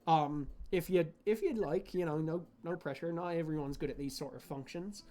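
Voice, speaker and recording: A man voicing a halting, polite woman official. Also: deep voice, mellow, lightly acted. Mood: hesitant polite. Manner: halting, polite, stumbling over words. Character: hesitant female official hosting a meeting.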